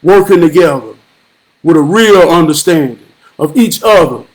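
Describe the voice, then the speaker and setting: A man hosting a live stream, giving a profane, preachy monologue with rhythmic repetition and occasional shouted bursts. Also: fairly high pitch, lively intonation, normal speed. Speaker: livestream host.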